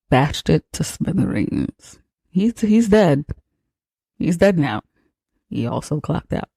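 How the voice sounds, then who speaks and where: A man hosting a podcast, retelling a horror film in a casual, animated way with exaggerated reactions. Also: on the high side, creaky, dry recording. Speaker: podcast host.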